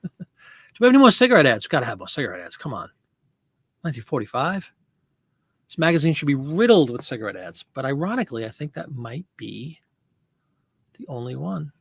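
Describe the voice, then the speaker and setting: A man's voice: mid-range voice, big pitch swings, a little fast, creaky, pauses often, fairly bright tone, husky, dry recording. A man hosting a casual live selling stream, chatting and laughing as he answers viewer comments. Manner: chatty, rambling, laughs often, reads viewer comments aloud. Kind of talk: casual livestream chat with viewers.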